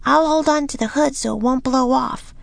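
A woman's voice: high-pitched, moderate pace, vocal fry, no room sound, pitched above the performer's own voice. A woman voicing a brave, bossy young girl who urges her brother on, often in whispers. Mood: urging. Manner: eager, urging, often whispering.

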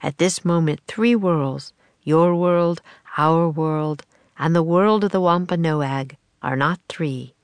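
A solemn colonial governor giving a formal speech in a storybook, as a woman reader plays him. The voice is low and gravelly, close and dry. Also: slow, no echo.

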